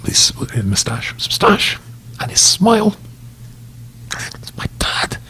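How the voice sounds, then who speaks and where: An older man, a guest, telling a personal story in a heartfelt, halting way. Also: high voice, sing-song, bright, forceful tone, in a whisper. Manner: heartfelt, halting, tearful at times.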